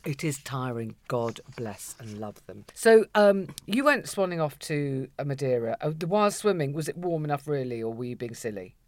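A woman's voice: extremely low pitch, big pitch swings, normal speed, few pauses, no echo. A middle-aged woman co-hosting a podcast, telling family stories in casual chat, laughing often and swearing freely. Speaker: podcast co-host.

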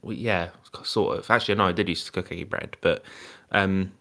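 A man's voice: deep voice, fairly even intonation, fairly quick, bright, forceful tone. A man co-hosting a podcast in casual chat, rambling playfully with lots of fillers and restarts. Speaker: podcast co-host.

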